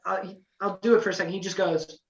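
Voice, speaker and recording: A young man telling a story as a podcast guest, excited and rambling, full of fillers. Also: high voice, fast, a little hiss or hum. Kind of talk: casual storytelling. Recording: roomy, distant, dull lo-fi podcast audio.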